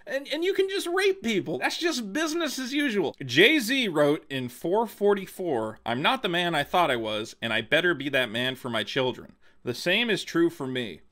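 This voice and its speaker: A man's voice: high voice, big pitch swings, normal speed, pushed and bright. A man hosting a comedic commentary video, sarcastic and incredulous, swearing and laughing as he reads quotes aloud.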